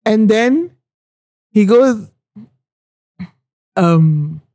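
Lively woman telling a story. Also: medium pitch, drawn-out words, dry recording, clean studio sound. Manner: animated, laughing often, acting out quoted people. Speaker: podcast co-host. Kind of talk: casual storytelling chat.

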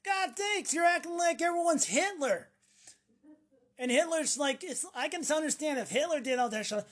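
A woman's voice: sits high, lively intonation, moderate pace. A woman delivering a profane, sarcastic ranting monologue to camera, mocking the people she talks about. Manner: sarcastic, acts out mocking voices; swears freely. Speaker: vlogger.

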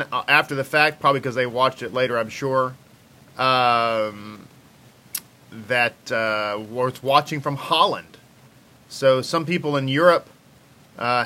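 A man's voice: mid-range voice, bright, forceful tone. A man with a Texan accent, a rabbi casually greeting livestream viewers with joking asides. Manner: chatty, joking, calls out viewers.

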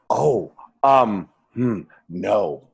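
A woman's voice: very deep voice, animated, extremely slow, vocal fry, a little mellow, breathy edge. Bubbly woman podcast co-host. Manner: bubbly, giggly, rambling. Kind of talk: casual chat.

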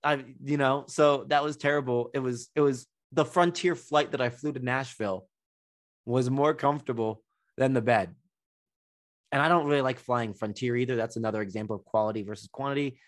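A man's voice: medium pitch, fairly quick. A man hosting a podcast, ranting in a casual, profane storytelling monologue. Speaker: podcast host.

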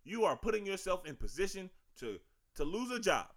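A man's voice: high voice, very animated, a little fast, fairly bright tone. Emphatic D.C. man ranting on a podcast. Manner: emphatic, slangy, profane ranting. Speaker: podcast host. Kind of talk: casual sports and culture commentary.

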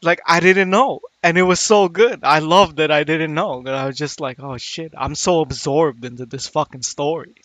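A man chatting casually on a podcast, excitable and laughing, with lots of swearing and "like". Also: on the high side, moderate pace, hardly any pauses, no room sound. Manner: excitable, swears, laughs a lot, says "like" often. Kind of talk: casual chat.

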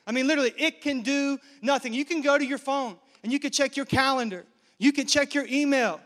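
A man in his thirties from Nigeria, a pastor preaching a lively, joking sermon to a live congregation. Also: very high voice, brisk. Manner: lively, joking, engages the crowd. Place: large hall with live congregation. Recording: reverberant church hall.

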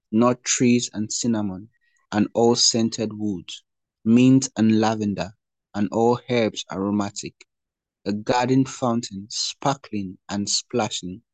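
A man reading the part of an adoring young male lover in a slow, tender scripture reading. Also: lowish voice, no echo.

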